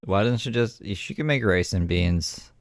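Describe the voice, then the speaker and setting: A man's voice: on the low side, animated, moderate pace, a little hiss or hum. A man hosting a reaction show, giving blunt, profane, exasperated commentary. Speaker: host reacting to clips.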